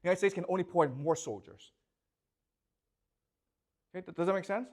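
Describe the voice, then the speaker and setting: A man's voice: high-pitched, brisk. A man giving a classroom lecture, posing rhetorical questions and constantly checking that his students follow.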